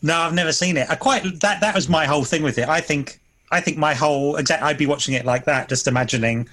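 A man's voice: a little high, fast, a bit bright. A man co-hosting a podcast, chatting casually about films, hesitant and often restarting his sentences. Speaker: podcast co-host. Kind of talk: casual film chat.

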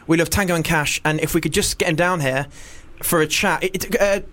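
A young man hosting a radio show, and his voice sits a little on the high side. He rambles and jokes, and his delivery is animated, in a casual comic banter style. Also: fairly quick. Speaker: radio host.

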